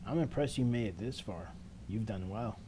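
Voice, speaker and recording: A man voicing a hushed, sinister ghost girl. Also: moderate pace, noisy background, close to an everyday voice. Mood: creepy soothing. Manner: soft, low, hushed coaxing. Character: eerie ghostly little girl, soothing but sinister. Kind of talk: reading game dialogue aloud.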